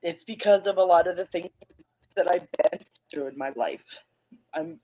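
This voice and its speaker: A woman making a hesitant, subdued personal statement to an online community, pausing often. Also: fairly low pitch, sing-song, vocal fry. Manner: subdued, hesitant, many pauses and ums. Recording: muffled lo-fi audio, played back on a stream.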